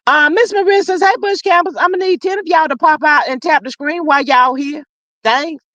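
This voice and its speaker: A woman hosting a casual gossip livestream, reading chat comments aloud and drawling slang, swinging between loud calls and low murmurs. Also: a little fast, no echo, muffled recording. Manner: drawling Southern slang, says child a lot, reads comments aloud.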